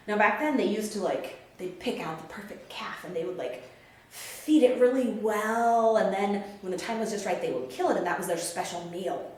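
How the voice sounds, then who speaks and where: Woman teaching children a Bible lesson, high voice, animated storyteller, very echoey room with faint noise. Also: moderate pace, recorded from a distance. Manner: animated, acts out characters' quotes.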